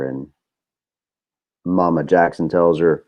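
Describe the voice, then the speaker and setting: A man's voice: sits low, little pitch movement, measured pace, long pauses, muffled recording. A middle-aged man hosting a podcast, talking in a candid, rambling way with lots of fillers and swearing. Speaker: podcast host. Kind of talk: casual monologue.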